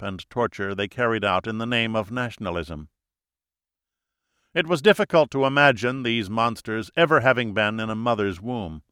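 A man narrating a thriller audiobook in a measured, dramatic storytelling manner. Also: mid-range voice, pushed and bright, dry recording, studio quality.

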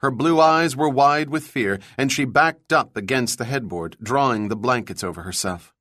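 Measured male audiobook narrator. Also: medium pitch, dry recording, studio quality. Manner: even, measured storytelling. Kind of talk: scripted narration.

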